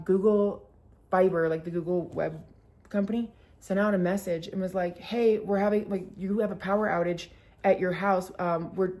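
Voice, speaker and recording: Casting: young woman, storytime vlogger, lowish voice, animated, swears a lot, peppers everything with "like". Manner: animated, swearing, heavy use of "like". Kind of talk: casual storytime vlog.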